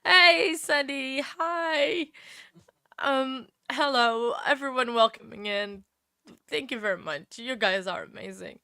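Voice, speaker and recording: High, bright-voiced emotional woman streamer. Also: slow, clean tone, no echo, studio quality. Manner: emotional, tearful, laughs often, thanks viewers repeatedly. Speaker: livestream host. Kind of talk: casual livestream chat.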